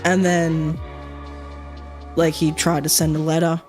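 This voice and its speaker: A woman's voice: low-pitched, little pitch movement, unhurried, darkish tone, faint music behind. A woman streaming, chatting casually and rambling with many fillers and frequent swearing.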